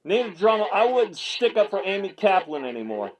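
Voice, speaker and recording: Male host, husky, high and animated, excitable rambling reaction rant. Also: a little fast, muffled recording. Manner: fired-up, ranting, repeats himself, stammers when excited. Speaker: MMA media commentator and channel host. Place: small home video set.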